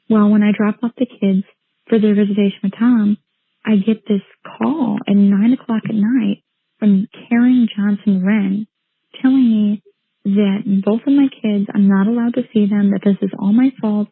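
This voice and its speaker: Indignant mother giving a personal account; raspy, monotone delivery over a thin phone line. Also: medium pitch, no echo. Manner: earnest, indignant, with frequent restarts. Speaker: mother recounting her son's case.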